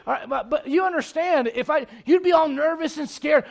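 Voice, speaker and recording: A man preaching a sermon as pastor of a church, emphatic and swinging between loud bursts and low asides. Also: fast talker, creaky, few pauses.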